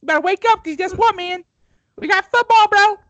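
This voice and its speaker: Squeaky hyped-up bro voice. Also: male voice, a little fast, dry recording, lo-fi sound. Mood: pumped up. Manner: shouty, pumped-up, bro-ish. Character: hyped-up, high-voiced excitable young guy.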